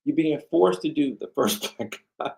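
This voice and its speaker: A man's voice: fairly high pitch, lively intonation, moderate pace, creaky, a little mellow. A tired man hosting a late-night livestream, ranting in a rambling, repetitive way and talking to his chat. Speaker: livestream host.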